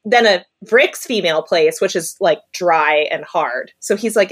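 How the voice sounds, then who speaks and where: A woman's voice: fairly low pitch, unhurried, fairly bright tone, breathy edge. A woman co-hosting a casual book-chat podcast, explaining details in a chatty way and laughing often. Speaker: podcast co-host.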